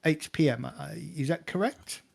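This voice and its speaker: Man playing a polite hotel concierge lady; formal, slightly hesitant, raised pitch. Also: animated, normal speed, vocal fry, a little mellow.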